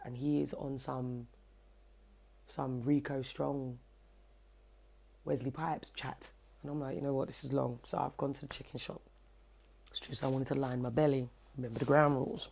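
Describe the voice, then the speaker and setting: A young woman, telling a story to camera in a casual, cheeky, animated way, swearing freely, at home. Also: rumbling low, creaky, husky. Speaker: vlogger. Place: at home, indoors by her kitchen window.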